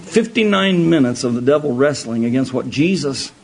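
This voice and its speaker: A man preaching a sermon, telling Bible stories in an animated way and often repeating his words. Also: mid-range voice, moderate pace, creaky, poor audio.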